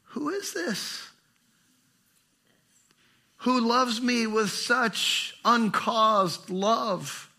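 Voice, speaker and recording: A man voicing a dying male thief on a cross in a hushed, wondering whisper. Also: high-pitched, gravelly, voice pushed up, heavily acted.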